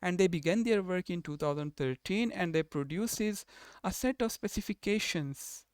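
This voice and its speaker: Man lecturing with a crisp, dry voice. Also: a little high, dry recording. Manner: explanatory, restates terms and rephrases often. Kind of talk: recorded university lecture.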